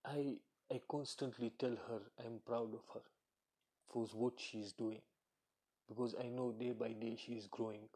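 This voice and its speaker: A man's voice: mid-range voice, flat delivery, normal speed, mellow, breathy edge. A man in a casual solo monologue, talking bluntly with heavy swearing and acting out what other people say. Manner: blunt, profane, ranting; acts out quoted voices. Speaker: commentator.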